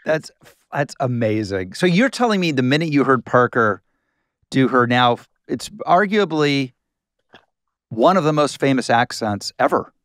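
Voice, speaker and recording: A man's voice: mid-range voice, big pitch swings, unhurried, a bit bright, no room sound, studio quality. Effusive male podcast host. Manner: enthusiastic, effusive praise. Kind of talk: casual interview chat.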